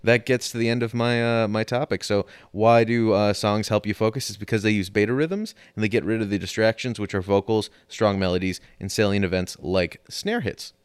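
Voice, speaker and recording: A man's voice: fairly low pitch, fairly quick, few pauses, smooth, no echo, clean studio sound. A man co-hosting a podcast, explaining a topic in a rambling way with many fillers and the odd swear. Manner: explanatory, rambling with fillers, exasperated when interrupted. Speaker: podcast co-host presenting a topic. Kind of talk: casual podcast chat with swearing.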